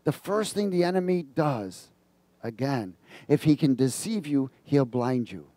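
A man's voice: medium pitch, animated, measured pace, dark tone, no echo. A male preacher giving a sermon, reading scripture aloud and prompting the congregation to fill in the words. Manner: reads scripture aloud and comments on it.

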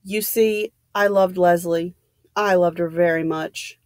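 Old soldier, gentle and grave, low-key; read by a woman. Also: unhurried, no echo, clean studio sound, natural voice. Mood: musing. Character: old male army general, quiet and weary.

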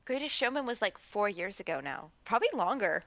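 A woman co-playing on a casual game stream at home, chatting and reading lines aloud with lively pitch jumps. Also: a little fast, no room sound, lo-fi sound. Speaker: guest co-player.

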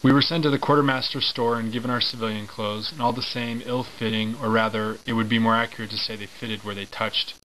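Bright, informal male reader. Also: lowish voice, steady tone, a little hiss or hum, low-quality recording. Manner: informal, halting, with fillers and self-corrections. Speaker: reader of a memoir. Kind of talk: casual recorded reading with asides.

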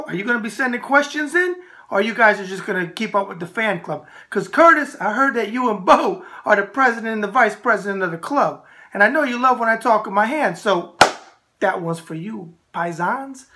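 A middle-aged man with a New York accent hosting a casual talk show, telling brash, animated stories. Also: sits high. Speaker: host.

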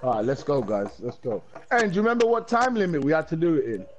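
Lively young man on a muffled mic. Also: fairly high pitch, fast talker, soft background music. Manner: joking, hyping up the team. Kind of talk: casual chat while gaming.

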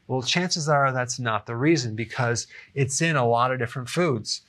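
A man's voice: mid-range voice, moderate pace, fairly bright tone. A middle-aged man giving a casual health explainer to camera, chatty and often checking in with "okay?". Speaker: health educator.

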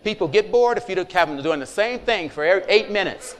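A man's voice: sits high, animated, fast. A middle-aged man, a pastor, preaching a conversational sermon with frequent asides to the congregation.

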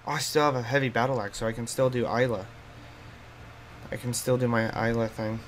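A man's voice: mid-range voice, steady tone, brisk, slight background noise. A man casually commenting on his own card game play in a bedroom, thinking aloud, laughing often, his voice and accent shifting. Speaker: streamer. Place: hot bedroom.

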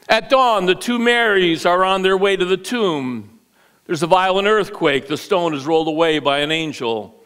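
A male pastor preaching an Easter sermon, telling a story with lively delivery and playful acted-out voices. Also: high voice, smooth. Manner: animated storyteller, acts out voices. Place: church sanctuary.

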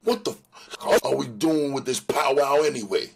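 A man voicing a hotheaded young gang member, agitated and loud. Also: medium pitch, lively intonation, normal speed, vocal fry, noisy background, pitched above the performer's own voice.

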